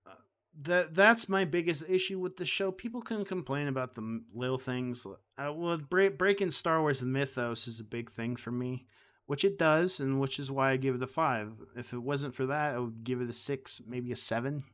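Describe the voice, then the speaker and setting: Rambling man with a smooth voice. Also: medium pitch, normal speed, a bit bright. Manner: rambling, frequent restarts and fillers, heated. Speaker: streamer host. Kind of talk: casual live-stream commentary.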